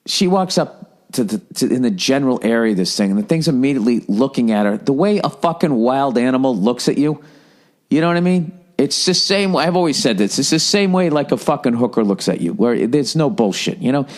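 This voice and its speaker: A man telling a story in a profane, animated comedic rant as a podcast host. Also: brisk. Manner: animated, profane, mimics people in high voices.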